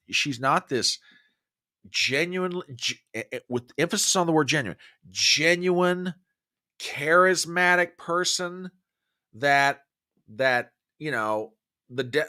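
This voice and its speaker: A man hosting a political talk show, delivering opinionated commentary with a lively, swinging pitch. His voice is forceful and pressed, and he talks emphatically, often restarting sentences. The recording is dry and close, with no room sound. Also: no echo. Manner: emphatic and animated, with frequent restarts. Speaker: host of a conservative political podcast.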